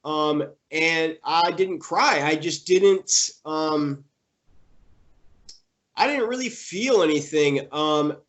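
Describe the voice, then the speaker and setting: Halting young man recounting loss. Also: fairly high pitch, fairly bright tone. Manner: halting, many fillers and restarts. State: emotional. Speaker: interviewee. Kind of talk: personal storytelling in conversation.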